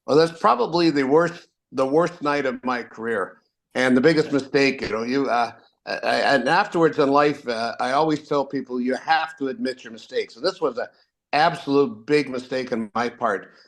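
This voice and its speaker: A man's voice: mid-range voice, normal speed, fairly bright tone. An older Canadian man, a retired referee, telling rambling anecdotes with many fillers and restarts. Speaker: guest, retired hockey referee. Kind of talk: casual storytelling.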